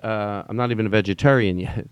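A man's voice: on the low side, steady tone, quick pace, clear, resonant tone, no echo. A man hosting a solo podcast from home, rambling and swearing, often restarting his sentences. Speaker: podcast host. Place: at home during quarantine.

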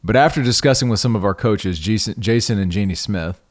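A man's voice: on the low side, fairly quick. A middle-aged man hosting a podcast, telling a personal story in a conversational way, often restarting and repeating words. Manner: conversational, restarts and repeats words, animated when quoting himself. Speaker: podcast host.

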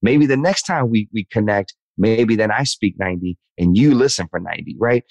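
Guest, 30s man, very low voice, earnest candid interview talk, says man a lot, dry sound. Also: expressive, fairly quick, a little mellow, no echo, rough recording. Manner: earnest, repeats words, says man and dude. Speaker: podcast guest.

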